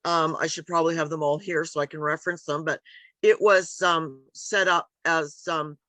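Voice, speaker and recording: A woman's voice: sits low, steady tone, normal speed, a bit bright, dry recording. A woman author being interviewed over a video call, talking in a meandering, hesitant way with many ums and restarts. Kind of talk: casual conversational interview.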